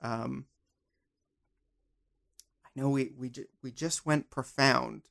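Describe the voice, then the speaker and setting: A man with a gravelly, fry-edged voice at an average pitch talks through ideas in loose, rambling turns. His manner is playful and musing, like a host chatting with a guest. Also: steady tone, takes it slowly, a bit bright. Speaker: podcast host. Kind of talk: casual conversation.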